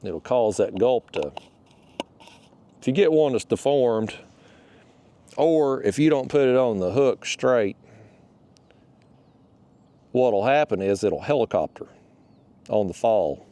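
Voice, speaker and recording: A man's voice: mid-range voice, lively intonation, slow pace, long pauses, warm tone. A man talking casually while fishing from a kayak outdoors, rambling and a bit out of breath. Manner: rambling, restarts, folksy phrasing. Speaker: fishing vlogger.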